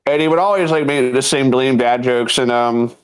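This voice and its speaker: A man's voice: medium pitch, normal speed, clean tone. A man in his thirties co-hosting a casual comedy podcast. He tells stories with energy, acts out quotes and laughs often. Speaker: podcast co-host.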